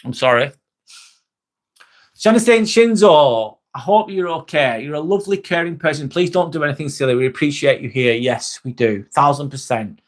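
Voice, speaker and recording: A young male livestream host reads viewers' comments aloud and answers them in a chatty, reassuring way. His voice is a little high and a bit bright, and he talks briskly with hardly any pauses.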